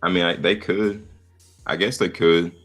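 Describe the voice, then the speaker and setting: Very deep-voiced man, hesitant. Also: steady tone, a little slow, a bit bright, soft background music. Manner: hesitant, hedging, thinking aloud. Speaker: co-host. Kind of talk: casual movie discussion.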